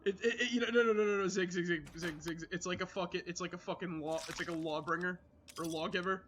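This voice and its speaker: A man streaming a game, chatting casually with friends and rambling excitedly with many restarts. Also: high-pitched, quick pace, a little hiss or hum. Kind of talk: casual gaming chat.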